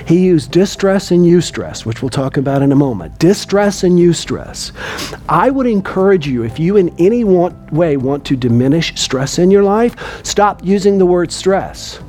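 A man, lecturing a class and quizzing the room with lively, emphatic delivery. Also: high voice, normal speed, faint music behind. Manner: lively, asks the room questions. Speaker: teacher.

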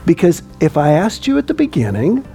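Animated man lecturing a class. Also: fairly high pitch, fairly quick, gravelly, soft background music. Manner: lively, asks the room questions; emphatic, animated delivery. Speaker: teacher.

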